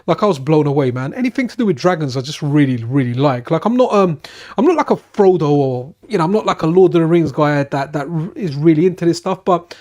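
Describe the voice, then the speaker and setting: High-voiced guy streaming. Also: expressive, fast talker, hardly any pauses, darkish tone. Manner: chatty and enthusiastic, with frequent restarts. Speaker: streamer, channel host. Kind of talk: casual live-stream chat while gaming. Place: friend's house.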